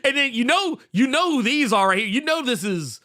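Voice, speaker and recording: A man's voice: extremely high pitch, lively intonation, fairly quick, bright, forceful tone. A man co-hosting a comics podcast, ranting in a heated, profane way with lots of restarts while reading out viewer messages. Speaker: podcast co-host.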